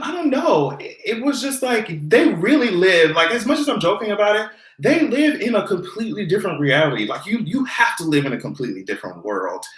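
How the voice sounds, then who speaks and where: A vlogger ranting in casual commentary, profane and sarcastic, now and then slipping into high mocking voices. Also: fairly bright tone, reverberant, low-quality recording.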